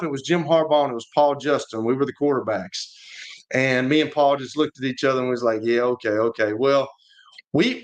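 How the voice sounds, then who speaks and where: A man, a former quarterback co-hosting sports radio, telling stories in a rambling way with many restarts. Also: medium pitch. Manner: rambling, repeats and restarts words. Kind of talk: casual sports talk, storytelling.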